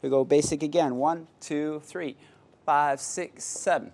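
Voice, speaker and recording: A man's voice: on the high side, fairly even intonation, unhurried, darkish tone. Playful male salsa instructor counting steps. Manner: playful, counts steps aloud, jokes and laughs. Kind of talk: dance class instruction.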